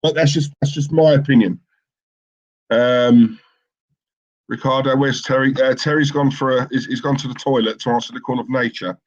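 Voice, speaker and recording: Co-hosting a live football watchalong, a man with a medium-pitched, steady voice chats casually at a moderate pace and reads out viewer comments. He's rambling and opinionated, with plenty of fillers and restarts, and the audio is lo-fi.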